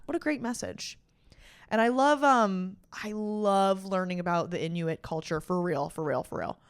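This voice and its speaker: A woman's voice: mid-range voice, clear, resonant tone, no echo, studio quality. A young adult woman hosting a podcast, retelling a story in casual, profane, slang-filled chat with dramatic emphasis. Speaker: podcast host.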